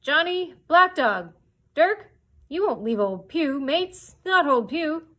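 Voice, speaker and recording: A woman voicing a cruel, raging blind old male pirate, shouting orders while reading a story aloud. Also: medium pitch, expressive, normal speed, gravelly. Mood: desperate. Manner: shouting, snarling commands.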